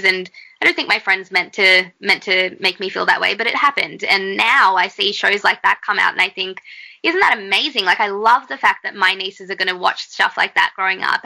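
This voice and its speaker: A woman's voice: mid-range voice, gravelly, sharp tone, poor audio. A woman guest in an interview, speaking in an earnest, reflective way with fillers. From Australia. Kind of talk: conversational interview.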